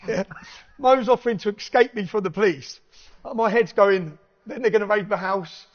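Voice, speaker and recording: A man telling an animated anecdote in casual chat, swearing freely and laughing between lines. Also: high voice, moderate pace. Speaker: podcast guest. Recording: dull lo-fi recording.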